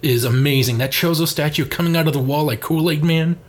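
A man's voice: on the high side, fairly quick. A man co-hosting a casual chat show, reading magazine letters aloud with sarcastic asides and frequent laughter. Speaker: podcast co-host.

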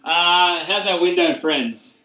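Bright-voiced man hosting live. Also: high-pitched, takes it slowly. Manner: loud, joking, swears casually. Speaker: podcast co-host. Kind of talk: casual live podcast banter. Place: room with a live audience. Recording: echoey room.

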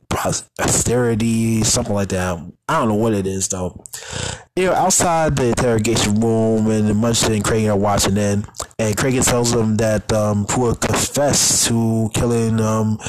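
A man's voice: on the low side, a little mellow. Guy rambling thru a tv recap, lots of fillers, noisy mic. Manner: rambling, filler-heavy, trailing "though". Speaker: show recapper. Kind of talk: casual episode recap.

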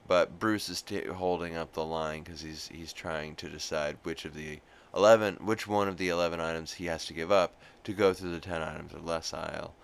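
A man's voice: low voice, clean tone. A man hosting a podcast, casually recapping an episode in a rambling, profane way with lots of fillers.

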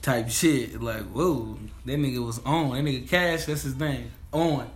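A man's voice: medium pitch, measured pace. A man co-hosting a casual podcast about TV shows, talking in laid-back slang, laughing often and acting out the characters' lines. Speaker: podcast co-host. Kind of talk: casual TV review chat.

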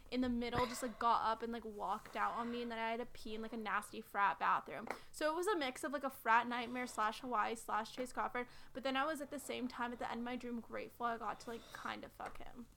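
High, bright-voiced young woman chatting. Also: fast talker, few pauses, slight background noise. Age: young adult. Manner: animated, blunt storyteller with frequent swearing and fillers. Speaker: podcast co-host. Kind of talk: casual chat.

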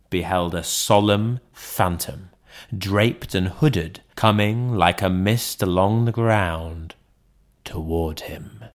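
A man narrating a classic novel as an audiobook, in a measured, dramatic reading. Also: lowish voice, a bit bright.

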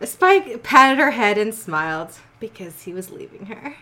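A woman's voice: on the high side, very animated, measured pace, pushed and bright. A woman casually reading a story aloud on a podcast, breaking off for blunt, swearing asides.

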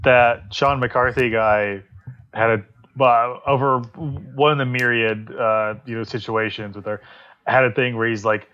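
A man's voice: mid-range voice, fairly even intonation, measured pace, fairly bright tone, muffled recording. A man co-hosting a podcast, rambling and sarcastic in casual political chat, swearing freely. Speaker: podcast co-host.

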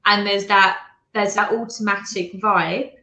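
A woman's voice: mid-range voice, fairly even intonation, unhurried, pushed and bright. A woman chatting casually as a podcast co-host, thoughtful and earnest, sometimes restarting her sentences. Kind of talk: casual chat. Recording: roomy echo.

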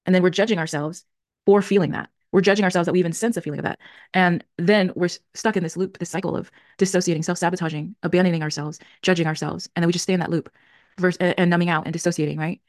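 A woman's voice: lowish voice, steady tone, fast talker, dry recording, studio quality. A woman in her thirties hosting a solo podcast, speaking in an earnest, reflective way and often correcting herself mid-sentence. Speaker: podcast host. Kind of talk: solo podcast talk on emotions.

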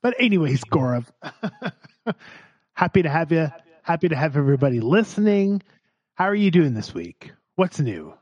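A man's voice: fairly high pitch, very animated, moderate pace, darkish tone, husky, no room sound, dull audio. A podcast host in casual chat who laughs often and teases his co-host.

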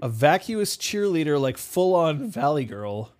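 A man's voice: on the high side, very animated, measured pace, darkish tone. A young man running a tabletop game as game master, chatting casually and laughing at himself with his players.

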